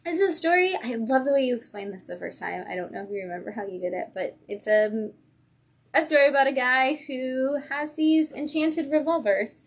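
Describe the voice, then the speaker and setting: A woman co-hosts a comic shop livestream, chatting about new comics. She sounds enthusiastic, laughs often, and her voice sits fairly high. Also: animated, a little fast. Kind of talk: casual chat, comic reviews.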